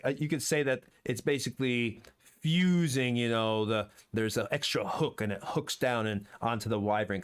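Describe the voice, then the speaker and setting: A man running a tabletop game as game master over an online call, describing items in an easygoing, rambling way. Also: fairly low pitch.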